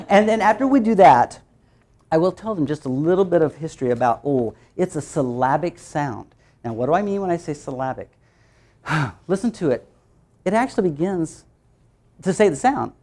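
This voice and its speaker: A woman presenting a phonics teaching workshop, playful and animated, acting out letter sounds and laughing as she goes. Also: deep voice, moderate pace.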